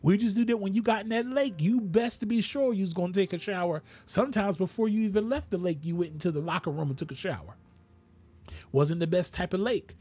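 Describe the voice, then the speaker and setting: A man's voice: high voice, fairly quick, dark tone, breathy edge. A man preaching a radio sermon, talking straight to his listeners and rising to sudden exclamations.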